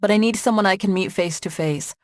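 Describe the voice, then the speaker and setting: A woman voicing a sharp, practical young heroine in an audiobook, speaking dry and matter-of-fact. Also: mid-range voice, fairly quick, dry recording, close to an everyday voice.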